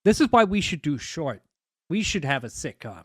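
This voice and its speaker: A man co-hosting a casual podcast, playful and quick to laugh. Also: a little high, big pitch swings, husky, no room sound, clean studio sound. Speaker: podcast co-host. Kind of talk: casual chat.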